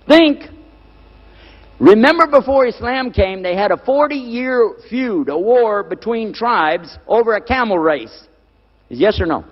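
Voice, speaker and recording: A man with a fairly high voice lectures on scripture, hammering single words and checking whether his audience is following. His voice rings through a long hall reverb. The recording sounds dull and lo-fi. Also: expressive, measured pace. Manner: emphatic, repeats key words, asks the audience questions. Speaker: preacher.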